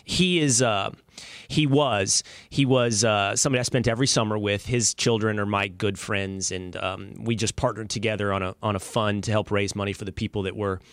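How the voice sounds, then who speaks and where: A man hosting a podcast, speaking in a casual, halting way with many restarts. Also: fairly low pitch, steady tone, no echo. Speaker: podcast host. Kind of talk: casual interview chat.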